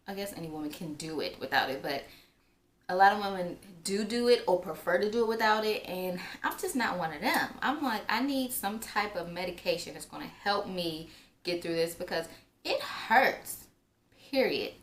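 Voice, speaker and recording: A woman's voice: fairly low pitch, lively intonation, fairly quick. A young woman telling a personal story in a casual, chatty way, with lots of filler words. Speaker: vlogger. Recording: roomy echo, faint background noise.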